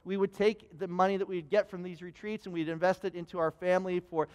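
High-voiced preacher in a reverberant hall. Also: male voice, fast, smooth. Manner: animated storyteller with frequent restarts and stammers. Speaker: pastor. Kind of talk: sermon storytelling.

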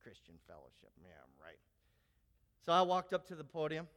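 A man preaching a sermon, telling a story with animated energy and building to shouted peaks. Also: on the high side, quick pace. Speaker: pastor. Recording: long hall reverb.

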